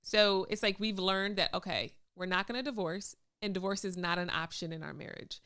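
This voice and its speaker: A woman in her thirties co-hosting a casual chat with her husband, calm and soft-spoken, laughing easily. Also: medium pitch, normal speed, clear, resonant tone. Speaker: co-host, wife.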